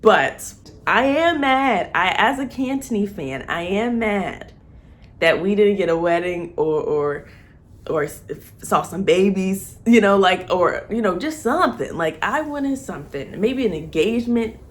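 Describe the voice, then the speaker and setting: A woman's voice: medium pitch, expressive, unhurried. A young woman gushing and laughing as she talks about her favorite TV couples in a casual vlog. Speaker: vlogger. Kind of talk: excited fan commentary.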